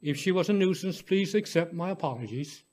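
A man reading as a soft grieving young mother. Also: high-pitched, animated, brisk. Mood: apologetic. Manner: soft, subdued and apologetic.

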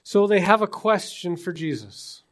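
A man's voice: high voice, animated, a little slow. A man from British Columbia preaching a sermon in a conversational way, asking his congregation rhetorical questions. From British Columbia, Canada. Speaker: pastor. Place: church in Newfoundland.

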